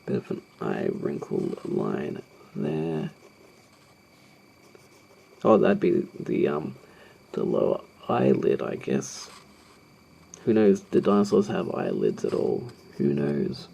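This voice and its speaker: His bass voice is sing-song and mellow, creaky with a breathy edge, and he takes it slowly with frequent pauses. The man is an art tutorial host talking through a live drawing as he sketches, hesitant and rambling, with lots of ums and self-deprecating asides.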